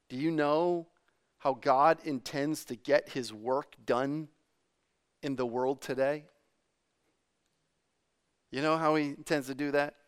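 A man preaching to his church in a high, smooth, clear voice. He is animated and conversational, asks the congregation questions, and often repeats words mid-thought. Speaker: pastor. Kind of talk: sermon.

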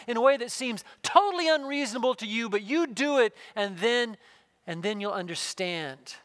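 A man preaching with an earnest, storytelling delivery, sinking into a hush for tender moments. His voice sits very high for a man and sounds smooth and resonant. The sound is close and dry, with no room around it. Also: lively intonation, moderate pace, dry recording. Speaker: pastor. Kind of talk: sermon.

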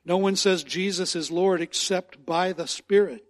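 A male pastor with a fairly high voice delivers a sermon. He speaks earnestly and with emphasis, circling back to repeat his key phrases. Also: a little slow.

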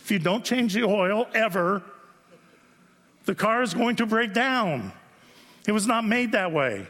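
A male pastor with a notably high voice delivers a sermon in a chatty, story-driven way, often tossing in quick asides to the room. His voice trails off into the long reverb of a large hall. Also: animated, a bit bright. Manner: conversational storytelling, frequent "right?" asides. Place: church sanctuary.

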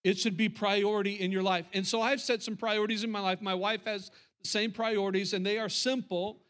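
Man, pastor, sermon, high voice, emphatic, repeats himself, middle-aged. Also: level tone, fairly quick, fairly bright tone. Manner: emphatic, repetitive, talks to the congregation.

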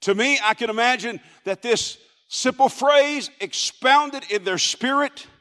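A man pastor delivering a sermon, swinging from hushed softness to loud shouting in an emphatic, repetitive preaching cadence. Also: extremely high pitch, unhurried, long reverb tail.

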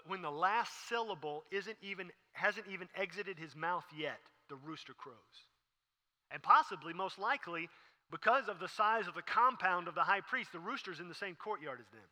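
Animated preacher in a reverberant hall. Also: male voice, sits high, a little fast. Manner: animated, acting out the characters' lines. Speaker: pastor. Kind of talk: sermon.

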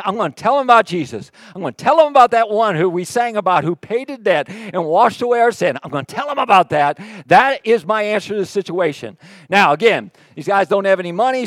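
A male pastor delivers an animated sermon with a high-pitched voice. He drops into quiet, jokey asides, then rises into loud, emphatic reading. The sound is dry and close, with little room echo. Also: brisk. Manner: jokey, sarcastic asides to the congregation. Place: church.

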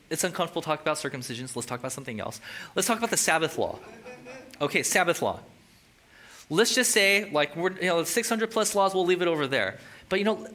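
A male pastor preaching a sermon in an animated, conversational way with frequent jokes. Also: sits high.

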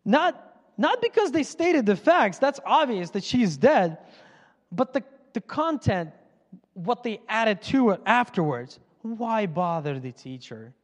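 A man preaching a sermon as a pastor, animated and acting out voices from the story. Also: very high-pitched, slow pace. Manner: animated, acts out quoted voices. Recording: long hall reverb.

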